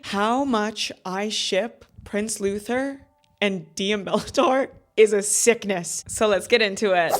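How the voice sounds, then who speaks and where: A woman's voice: mid-range voice, a bit bright. A woman in her thirties hosting a casual book review vlog. She talks in a gushing, dramatic way and says "like" often. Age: 30s. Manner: gushing and dramatic, heavy use of "like". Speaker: book club host.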